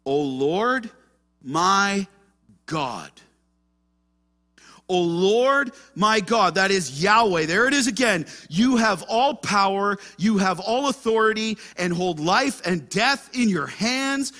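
A man preaching a sermon as pastor, moving between hushed asides and fervent, raised passages. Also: high-pitched. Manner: impassioned preaching, swings between hushed and loud.

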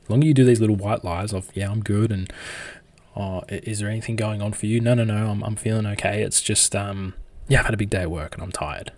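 A man with a low-pitched voice talks in a casual, blunt monologue about relationships. He swears freely and slips into quick little acted bits of dialogue. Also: a little mellow. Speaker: relationship advice speaker.

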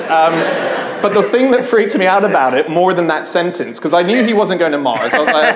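A man in a live podcast interview, telling anecdotes in an animated way and often breaking into laughter. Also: high-pitched, normal speed. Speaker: podcast guest. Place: live podcast stage in a theatre venue. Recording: roomy live venue with faint noise.

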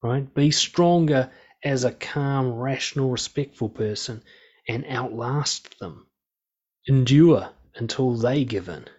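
A man's voice: mid-range voice, takes it slowly, slightly rough. Frank, profane man, lo-fi sound. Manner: frank and profane, calm and steady. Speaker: speaker on relationships and conflict. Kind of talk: casual monologue. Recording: slightly dull lo-fi sound.

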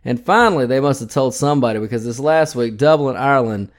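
A man's voice: medium pitch, lively intonation, fast talker. A man hosting a podcast in a casual, blunt style with plenty of swearing. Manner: profane, blunt, ranting. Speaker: podcast host.

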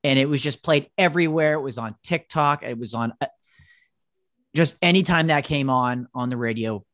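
A podcast co-host chatting casually, lively and quick to laugh. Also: medium pitch, dry recording, studio quality. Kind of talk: casual chat.

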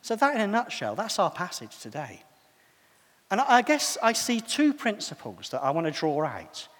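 A man's voice: sits high, huge pitch swings, normal speed, a bit bright, long reverb tail. A man preaching a sermon in a conversational, self-deprecating way.

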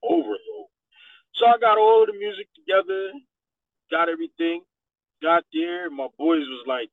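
A man, a DJ, telling stories in a lively way on a radio talk show, acting out what people said. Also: a little high, moderate pace, long pauses, dry recording. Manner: animated storyteller, acts out quotes. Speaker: DJ guest. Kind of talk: radio interview. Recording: dry tinny phone-like sound.

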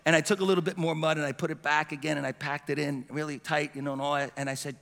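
Pastor, man in his fifties, bright ringing voice, sermon in a church with long reverb. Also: on the high side, brisk, vocal fry, slight background noise. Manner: passionate, building to shouts and dropping to soft prayer. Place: church sanctuary.

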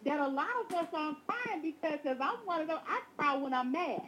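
A woman, a mother, talking casually in conversation, animated and often restarting her sentences. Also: high-pitched, fairly quick, rough recording. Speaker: guest, mother.

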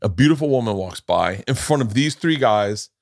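A man's voice: fairly low pitch, animated, moderate pace, gravelly, no echo, studio quality. A man in his forties hosting a podcast, telling rambling, profane comic stories and acting out the voices of the people in them. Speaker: podcast host. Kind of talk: casual comedic storytelling.

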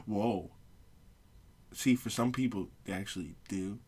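A young man co-hosting a podcast, trading crude, deadpan jokes in casual banter with his brother. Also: fairly low pitch, measured pace, breathy edge. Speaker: podcast co-host.

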